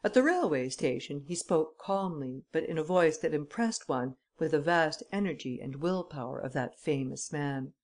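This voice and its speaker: Low-voiced woman reading an audiobook. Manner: measured, expressive storytelling. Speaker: audiobook reader. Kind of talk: scripted narration.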